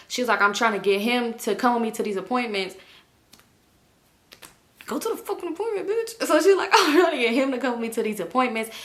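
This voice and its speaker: A young woman vlogger telling a storytime, animated, acting out quoted voices and swearing freely. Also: medium pitch. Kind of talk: casual storytime.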